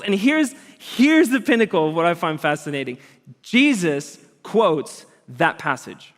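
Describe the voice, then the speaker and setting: A man preaching a sermon as a pastor, earnest and conversational, with lively emphasis. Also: sits high, unhurried. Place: church auditorium. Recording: long hall reverb.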